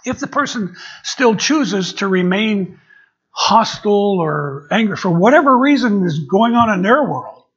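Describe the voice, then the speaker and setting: A man's voice: high-pitched, expressive, a little slow, a bit bright, husky. A man preaching as an interim pastor, often restarting and repeating words as he searches for his phrasing. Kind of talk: sermon. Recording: dull lo-fi recording.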